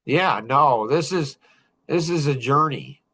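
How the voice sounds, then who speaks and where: A man's voice: mid-range voice, lively intonation, slow, pushed and bright. A man in his fifties hosting a podcast, telling rambling stories in casual chat and chuckling often. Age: 50s. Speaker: podcast host.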